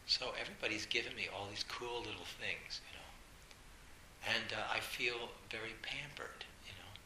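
Man, fairly low voice, has the flu, gentle musing storyteller, informal dharma talk, roomy hall, steady background noise. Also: moderate pace. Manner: gentle, musing storyteller acting out family quotes.

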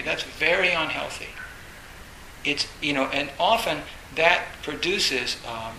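A man giving a Zen dharma talk, rambling and repeating phrases with many fillers, now and then acting out inner voices loudly. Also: fairly high pitch, measured pace, roomy sound, a little hiss or hum, low-quality recording. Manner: acts out inner voices, bursts loud. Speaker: Zen teacher.

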